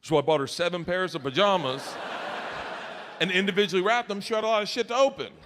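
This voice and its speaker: A middle-aged man doing a stand-up comedy set, telling stories loudly with shouted punchlines. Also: high voice, fast talker. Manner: loud, animated storytelling with shouted punchlines. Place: comedy club stage. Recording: noisy live club recording. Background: audience laughter.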